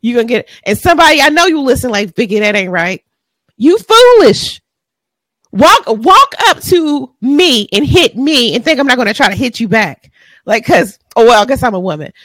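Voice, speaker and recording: Podcast co-host: a high-pitched woman with a drawl, lively and blunt, sometimes profane, recorded dry. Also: fairly quick, no echo. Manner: blunt, animated, profane ranting. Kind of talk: casual chat.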